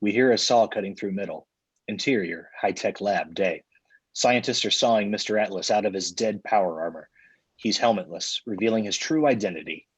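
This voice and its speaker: A man reading the stage directions deadpan in a live comedy table read. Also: lowish voice, moderate pace, slightly rough, poor audio.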